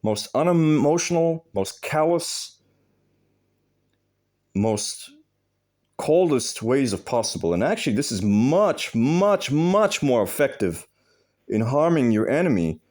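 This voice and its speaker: With big pitch swings and a darkish medium voice, a man gives advice as a video host, speaking slowly with long pauses. He's blunt and emphatic, swears freely, and repeats phrases to make them stick.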